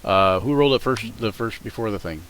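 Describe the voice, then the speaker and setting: Guy running a tabletop game, kinda low voice, rambles and corrects himself a lot. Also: a little fast, a bit bright. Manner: rambling, self-correcting explanations. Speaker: game master.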